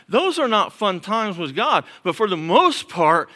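Middle-aged male pastor, high and bright, preaching in repeated emphatic lines that fall to hushed tones. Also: very animated, a little slow. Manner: emphatic repetition, drops to soft murmurs. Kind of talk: sermon.

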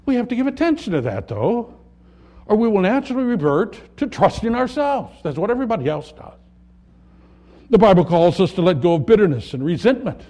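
Guy preaching a sermon, slightly high voice, gets loud on big words then goes quiet. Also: sing-song, a little fast. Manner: earnest preaching, swells loud on key words then drops soft. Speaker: pastor.

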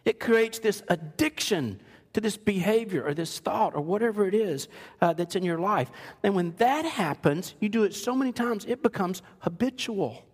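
Middle-aged male pastor, fairly high voice, chatty joking sermon delivery, long hall reverb. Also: animated, normal speed, slightly rough. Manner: conversational, joking, acts out quoted voices.

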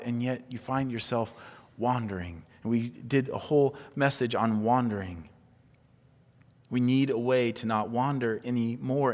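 A pastor preaching a sermon, his delivery swinging from hushed near-whispers to loud, emphatic exclamations. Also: mid-range voice, in a large hall.

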